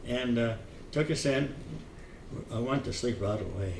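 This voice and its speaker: An older man telling his memories in an oral history interview, halting with many fillers and restarts, chuckling now and then. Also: medium pitch, gravelly. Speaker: veteran interviewee. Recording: echoey room, distant mic, faint noise.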